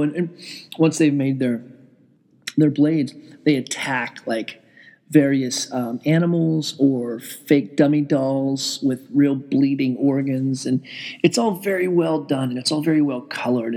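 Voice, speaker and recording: Gravelly, husky man rambling casually. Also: medium pitch, mellow. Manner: rambling, profane, self-deprecating. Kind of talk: casual storytelling vlog. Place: indoors at home with TV on.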